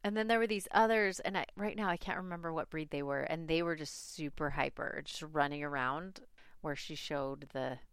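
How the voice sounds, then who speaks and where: A woman's voice: sits low, normal speed, smooth, no room sound, studio quality. A mother casually telling a personal family story, chatty and laughing often as she talks. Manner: chatty, laughs often, animated when recalling panic.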